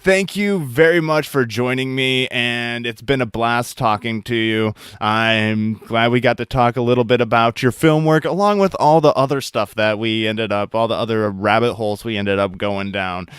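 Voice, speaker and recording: A man hosting a podcast, talking in a relaxed, friendly and joking way while he interviews a guest and closes the show. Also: mid-range voice, moderate pace, few pauses, smooth, no echo, studio quality. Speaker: podcast host. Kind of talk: casual interview and show outro.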